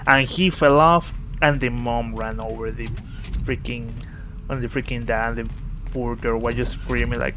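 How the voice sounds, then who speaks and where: A man giving casual let's-play commentary, telling a story in a halting, rambling way with many restarts. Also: medium pitch. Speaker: gaming video host. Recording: steady game noise behind voice. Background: video game sounds.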